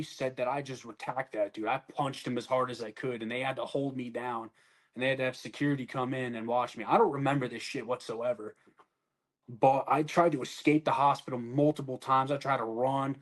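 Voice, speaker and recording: Blunt, profane man telling a story. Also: mid-range voice. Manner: blunt and profane, acts out what people said. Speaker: army soldier telling his story. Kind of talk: casual storytelling conversation.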